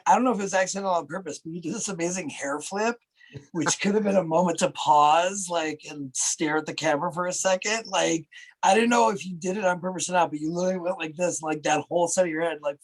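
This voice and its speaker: Animated man giving promo notes. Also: a little high, rough recording. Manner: animated, acts out examples. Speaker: coach giving critique. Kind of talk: casual critique.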